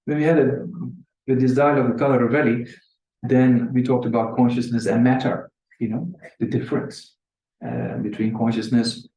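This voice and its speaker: A man giving a conversational Buddhist dharma talk to an audience, laughing often and acting out quotes in a higher voice. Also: little pitch movement, normal speed, dark tone. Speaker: Buddhist teacher. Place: meditation centre hall. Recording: echoey room, distant mic.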